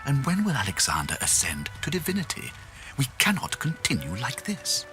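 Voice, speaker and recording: A man's voice: medium pitch, huge pitch swings, normal speed, music in the background. An actor voicing a pensive lizard-man scholar in a game, musing aloud in a philosophical way. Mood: thoughtful. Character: pensive old lizard scholar, lost in thought.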